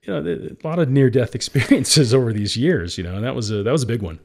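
A man's voice: mid-range voice, expressive, fast talker, gravelly. Middle-aged guy getting emotional telling his business story, laughs a lot. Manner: emotional, heartfelt, laughs often. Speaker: entrepreneur guest. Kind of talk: candid interview storytelling.

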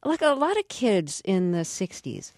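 A woman interviewing a guest, asking long, measured set-up questions. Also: medium pitch, very animated, darkish tone, no room sound, studio quality.

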